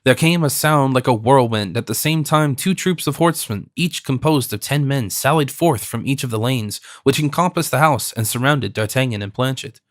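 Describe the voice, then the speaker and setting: In a dry, clean studio recording, a man narrates an audiobook from a script. His voice is medium in pitch, and he tells the story in a measured, even way.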